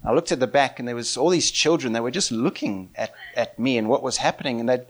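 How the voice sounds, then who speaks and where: A man preaching and telling a story with excitement. He laughs often and swings between quiet and loud. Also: medium pitch, fast. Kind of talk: animated storytelling sermon.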